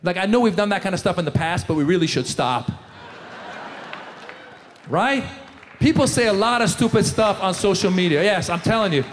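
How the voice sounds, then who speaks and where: A man doing a stand-up comedy set, animated, breaking into loud shouted character voices. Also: high-pitched, moderate pace, pauses often, some chatter behind. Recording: reverberant hall, faint room noise.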